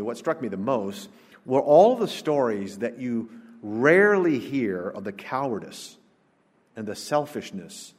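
A man, preaching an emphatic, rhetorical sermon to a congregation, swinging between loud declarations and low asides. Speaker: pastor. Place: church sanctuary, preaching to a congregation. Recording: long church-hall reverb.

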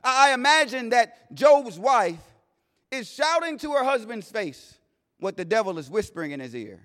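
A man preaching a sermon in a plain-spoken way, swinging between loud declarations and hushed asides. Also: very high voice, very animated, moderate pace. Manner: plain-spoken, vernacular phrasing. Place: church sanctuary. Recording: long reverb of a large hall.

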